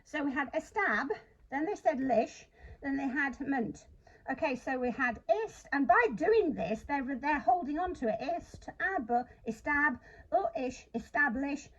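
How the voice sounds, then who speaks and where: A woman's voice: high-pitched, animated, moderate pace, muffled recording. A woman explaining a spelling routine in a chatty, self-deprecating way, sounding out word parts as she goes. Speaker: literacy teacher. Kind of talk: instructional talk to camera.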